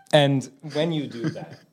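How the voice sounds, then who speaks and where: A man hosting a parody business podcast, joking with mock confidence. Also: slightly rough. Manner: mock-confident, joking, lively swings in pitch. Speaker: podcast host.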